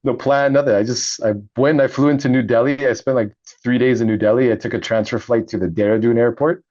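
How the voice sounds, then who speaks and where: A middle-aged man, a veteran, telling his story in a casual interview, animated and laughing often. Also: medium pitch, fast, no room sound, muffled recording. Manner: animated, laughs often, acts out quoted voices. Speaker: podcast guest, Navy veteran and author.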